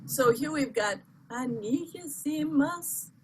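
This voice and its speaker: A woman's voice: medium pitch, unhurried, noisy background. A woman teaching chant in an online workshop, explaining with chatty asides, apologies and easy laughter.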